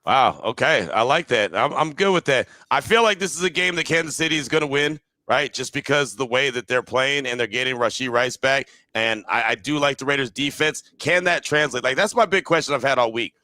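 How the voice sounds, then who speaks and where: A man's voice: medium pitch, animated, brisk, few pauses, pushed and bright, no echo. A man hosting a casual sports podcast, breaking down the game analytically and often checking in with "right?". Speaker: podcast host.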